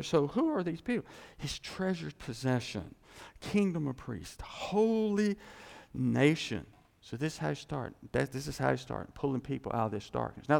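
A male pastor preaching a sermon in a church, animated and joking, often acting out voices in his teaching. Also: on the high side, gravelly. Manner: animated, jokey, acts out God's voice. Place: church sanctuary. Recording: long hall reverb.

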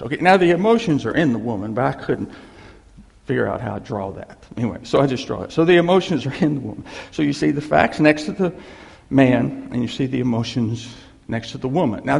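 A man preaching a sermon, telling a story in an animated way and repeating key phrases. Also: mid-range voice, vocal fry, long reverb tail.

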